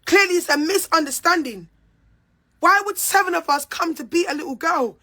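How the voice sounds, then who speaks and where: A woman's voice: very high-pitched, lively intonation, normal speed, pushed and bright. A young woman, speaking in a heated, repetitive, confrontational monologue. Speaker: reality show cast member. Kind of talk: angry monologue to camera.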